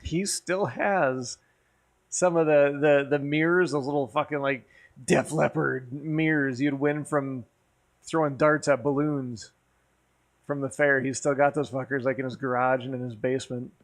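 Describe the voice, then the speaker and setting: A man's voice: mid-range voice, steady tone, unhurried. A man from Wisconsin streaming from his garage, telling rambling, profane nostalgic stories in casual chat. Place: home garage with a green screen.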